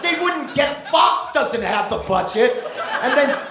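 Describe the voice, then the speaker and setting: A man doing a stand-up set in a theater, loud and mocking, swearing and acting out voices. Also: extremely high pitch, expressive, measured pace, crowd noise. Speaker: stand-up comedian. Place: theater stage before a live audience. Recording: echoey live theater recording with noise.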